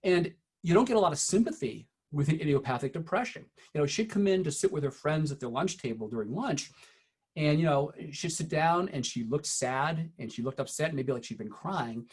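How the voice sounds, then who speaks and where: A middle-aged man giving a teacher-training talk, telling true stories from his classroom in an earnest, halting way with frequent restarts. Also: a little high, animated, slightly rough. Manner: earnest storytelling, frequent "uh" and restarts, quiet when recounting.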